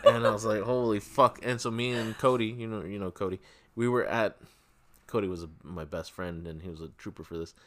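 A man hosting a podcast, telling stories in a casual, profane, animated way. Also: fairly low pitch, brisk. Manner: swearing storyteller, animated. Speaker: podcast host. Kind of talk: casual chat.

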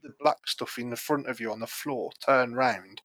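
A man's voice: medium pitch, normal speed, fairly bright tone, no room sound. A man co-hosting a podcast, talking emphatically with stammering restarts. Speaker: podcast co-host. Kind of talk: casual chat.

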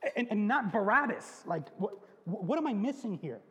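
A man voicing an exasperated Roman governor who talks in modern slang, pitching options like a game-show announcer. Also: lively intonation, moderate pace, long reverb tail. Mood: frustrated.

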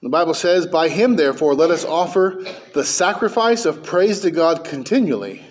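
A man preaching a sermon as pastor, emphatic, with his pitch and volume rising and falling. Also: expressive, normal speed.

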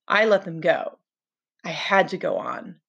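A woman's voice: on the low side, expressive, a little slow, gravelly, fairly bright tone, breathy edge, highs cut off, exaggerated voice. A woman reading the lines of a fierce, brooding boy hunter in a novel, in short, blunt phrases.

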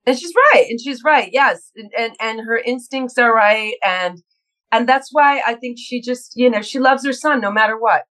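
A woman's voice: on the high side, normal speed, a bit bright, low-quality recording. A woman in her fifties, an actress guest in an interview, talking casually and bubbly with frequent laughs and restarts.

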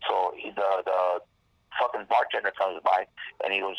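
Gravelly low-voiced man telling stories. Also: fairly even intonation, moderate pace, dry recording, dull audio. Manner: profane, rambling, acts out quoted dialogue. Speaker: guest rapper. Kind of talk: casual storytelling.

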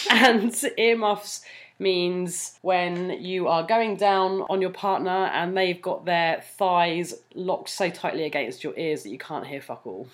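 A woman's voice: on the low side, fairly bright tone. Giggly woman reading fan fiction aloud. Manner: giggly, laughs often mid-sentence. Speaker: podcast co-host.

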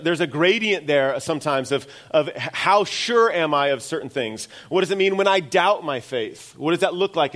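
A middle-aged pastor preaches a sermon conversationally, dropping in self-deprecating asides. His voice is a little high with a fairly bright tone.

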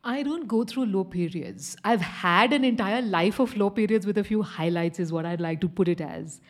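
A woman in her thirties from India, a podcast guest telling candid stories in an animated, exclamatory way. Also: medium pitch, normal speed. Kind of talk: candid storytelling chat.

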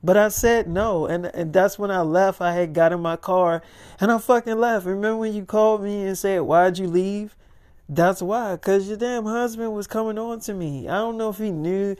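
A man doing a young woman, higher-pitched, nervous, halting, defensive. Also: a little mellow, close to an everyday voice. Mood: uneasy. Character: hesitant young woman confessing to her sister.

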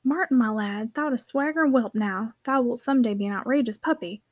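A woman's voice: on the high side, fairly quick, no echo, dull audio, natural voice. Hearty old dad, blunt and joking, read by a woman. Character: jovial older Yorkshire father, blunt.

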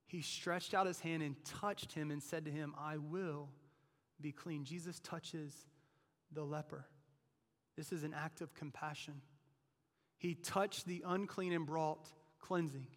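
A fairly high-voiced man preaching a sermon to a church. He presses hard on his key lines and then drops to near-hushed tones. The sound carries a long reverb from a big hall. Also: fairly even intonation, measured pace. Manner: emphatic preaching, voice rising to near shouts and dropping low. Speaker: pastor. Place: church sanctuary.

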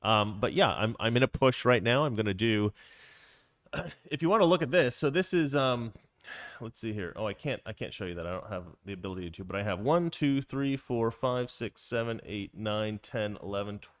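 A man's voice: fairly low pitch, expressive, normal speed, fairly bright tone, no room sound, clean studio sound. A man hosting a political live stream, talking casually and rambling with frequent restarts.

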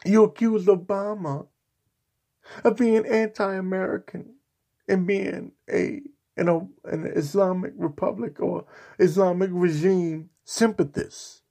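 Slow, gravelly, sarcastic man ranting. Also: sits high, steady tone, mellow. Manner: sarcastic, mocking, insulting; repetitive, emphatic rhetoric. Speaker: political commentator. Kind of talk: ranting opinion vlog.

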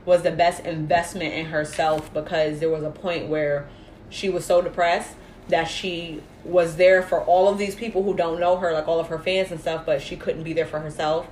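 A young woman co-hosting a casual podcast chat in a relaxed way, retelling stories and giving frequent "mm-hmm" replies. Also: deep voice, normal speed. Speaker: podcast co-host. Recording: echoey room, faint ambient noise.

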